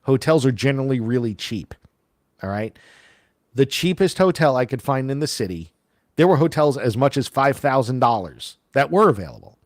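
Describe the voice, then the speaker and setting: A man co-hosting a podcast tells stories casually and with animation, acting out the voices of the people he quotes. His mid-range voice moves at a normal speed, and the recording is dry and close.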